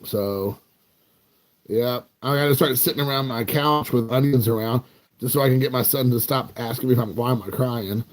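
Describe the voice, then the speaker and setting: A man's voice: mid-range voice, moderate pace. A man in his forties, from the United States, chatting casually with viewers in a rambling, joking, self-mocking way. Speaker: card collecting channel host.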